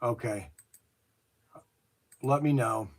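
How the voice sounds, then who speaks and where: A man's voice: mid-range voice, drawn-out words. A man running a toy shop livestream, chatty and jokey while making a phone call.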